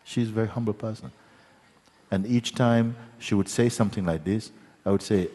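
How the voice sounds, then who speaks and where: A man who is a spiritual teacher, telling a story at a satsang in a gentle, meandering way, with many restarts and tag questions. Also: fairly low pitch, brisk. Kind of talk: satsang talk. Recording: long hall reverb.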